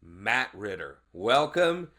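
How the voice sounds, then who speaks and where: Slow, low-voiced male podcast host. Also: big pitch swings, bright, forceful tone. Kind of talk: scripted intro, then casual chat.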